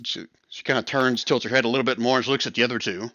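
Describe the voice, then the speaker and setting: Bright-voiced male game master. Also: medium pitch, steady tone, rapid-fire, dry recording, dull audio. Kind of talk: narrating a tabletop game.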